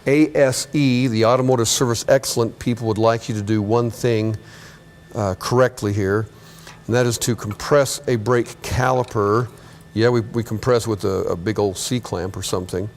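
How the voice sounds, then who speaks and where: Relaxed male auto-shop instructor. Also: lowish voice, slight background noise. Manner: relaxed, chatty, corrects himself often. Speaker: automotive instructor. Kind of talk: hands-on workshop demonstration.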